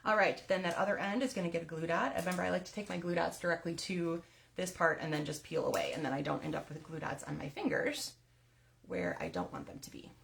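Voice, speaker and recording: A woman with a gravelly edge to her voice talks viewers through a card-making project one step at a time. She chats casually as she works, laughing now and then at her own slips. A faint hiss sits under the recording. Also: lowish voice, a bit bright. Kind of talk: live crafting tutorial.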